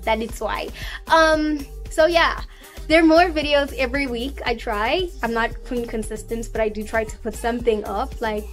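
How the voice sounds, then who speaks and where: A woman's voice: on the high side, a bit bright. A young woman from South Africa with an accent mixing South African and American, chatting casually and rambling to her camera. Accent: mixed South African and American. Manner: rambling, chatty, self-deprecating. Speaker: vlogger.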